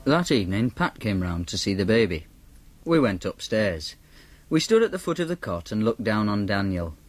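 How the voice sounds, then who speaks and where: A man with a Northern English accent narrating an audiobook in a deadpan, matter-of-fact manner. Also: fairly low pitch, moderate pace, dry recording. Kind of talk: first-person audiobook narration.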